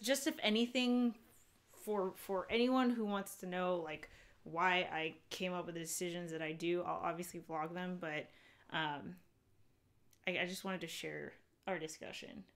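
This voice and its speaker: A woman's voice: lowish voice, steady tone, measured pace, a bit bright. A young woman hosting a live stream, talking casually and rambling with fillers and restarts. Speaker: vlogger and live-stream host.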